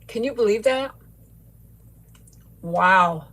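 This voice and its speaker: In a slow, fairly bright, medium-pitched voice, a middle-aged woman runs a casual livestream where she tastes a sweet. She thanks viewers by name with gushing enthusiasm and giggles frequently.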